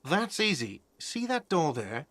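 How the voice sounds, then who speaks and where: A man's voice: fairly high pitch, big pitch swings, a little slow, a bit bright, no room sound, heavily acted. A man voicing an irritable, defensive male cafeteria manager in a video game, curt and sarcastic. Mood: irritated, sarcastic.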